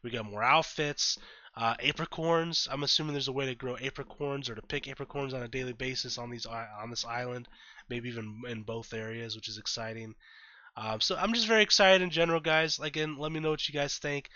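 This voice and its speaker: Guy rambling about a game, bright punchy voice, lots of ums, dry lo-fi mic. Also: mid-range voice, fairly even intonation, fairly quick, no room sound. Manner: rambling, filler-heavy, thinks aloud; blunt and profane when annoyed. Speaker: gaming YouTuber. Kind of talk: casual reaction commentary.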